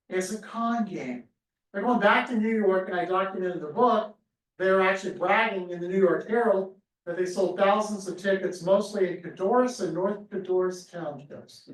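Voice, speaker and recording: A man giving a lively, storytelling history lecture to a room, sometimes acting out what people cried. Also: high voice, normal speed. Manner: storytelling, acts out crowd cries. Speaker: history speaker. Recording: echoey room from far off.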